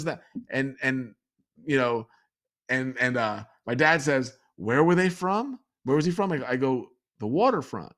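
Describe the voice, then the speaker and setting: A man from New York spins a long story as a podcast guest, his voice sitting in an ordinary middle range. He's an animated teller who slips into quick voices for the people he describes. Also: mid-range voice. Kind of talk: storytelling in a conversation.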